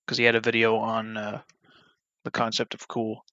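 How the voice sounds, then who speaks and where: A young man talking casually in a rambling way while modding a game, full of fillers and restarts, now and then flaring into a loud rant. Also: fairly low pitch, completely flat delivery, moderate pace, no echo, lo-fi sound. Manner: meandering, many fillers and restarts, flares into loud ranting. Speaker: video creator modding a game. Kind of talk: rambling off-topic commentary.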